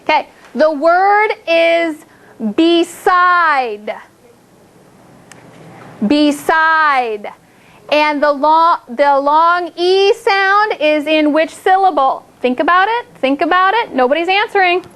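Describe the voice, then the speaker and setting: High-voiced woman teaching young kids. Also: fairly bright tone. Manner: slow, drawn-out words for children, upbeat praise. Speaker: second grade teacher. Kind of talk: classroom phonics lesson. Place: classroom.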